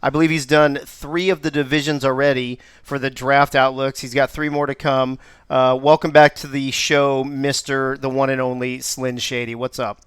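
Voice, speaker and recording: Male host, smooth voice, dry close sound, upbeat and joking. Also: medium pitch, flat delivery, moderate pace, few pauses, fairly bright tone, no room sound. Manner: upbeat, joking, laughs often. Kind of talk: live show hosting.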